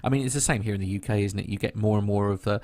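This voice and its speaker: A man's voice: on the low side, rapid-fire, a little mellow. A man co-hosting a podcast, chatting loosely with frequent hesitations and little laughs. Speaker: podcast co-host. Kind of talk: casual chat.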